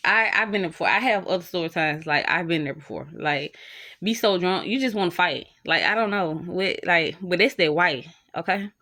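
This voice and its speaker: A young woman, telling a casual storytime straight to her viewers in an animated, slang-filled way. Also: on the low side, normal speed. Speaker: storytime vlogger.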